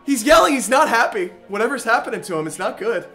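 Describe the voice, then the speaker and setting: Panicky swearing man yelling in fear. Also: extremely high pitch, animated, fast, soft background music. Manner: profane, panicky yelling and nervous laughter. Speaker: comedian guest. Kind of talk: reacting while playing a VR horror game.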